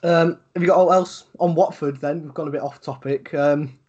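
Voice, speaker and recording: A man's voice: fairly high pitch, fairly even intonation, moderate pace, darkish tone, slightly rough, lo-fi sound. A man with a Yorkshire accent co-hosting a casual football podcast, rambling with lots of fillers and free swearing. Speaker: podcast co-host.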